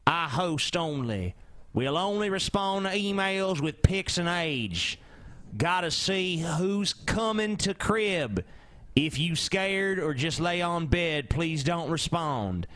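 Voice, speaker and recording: A man co-hosting a podcast, slightly high-voiced, reading ads out loud in a mocking tone. He swears freely through loose, crude banter. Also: expressive, slow pace, no room sound. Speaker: podcast co-host.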